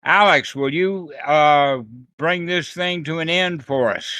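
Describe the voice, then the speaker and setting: Guy teaching dharma on a group call, kinda high voice, real slow, jokey. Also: sharp tone, dry recording. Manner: playful, acts out little quoted voices. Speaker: meditation teacher. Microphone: video call.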